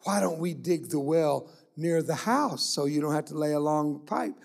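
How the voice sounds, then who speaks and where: A man's voice: fairly high pitch, moderate pace, gravelly. A man doing a terse old well digger. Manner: curt, flat one-line questions.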